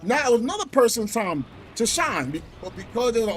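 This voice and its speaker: A man streaming from home, telling a gaming story in an animated, exasperated way. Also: very high-pitched, quick pace, soft background music. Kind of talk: casual livestream rant.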